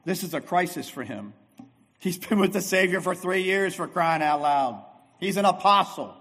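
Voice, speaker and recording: A man preaching a sermon as pastor, emphatic and repetitive, swinging between loud and soft. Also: high-pitched, lively intonation, moderate pace, in a large hall. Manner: emphatic, repeats phrases, shifts loud and soft.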